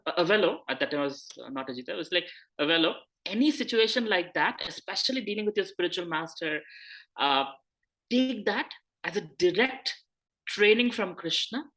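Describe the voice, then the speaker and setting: Bright-voiced man teaching scripture. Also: high voice. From India. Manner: conversational, acts out quoted dialogue. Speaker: spiritual teacher. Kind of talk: scripture talk with personal story.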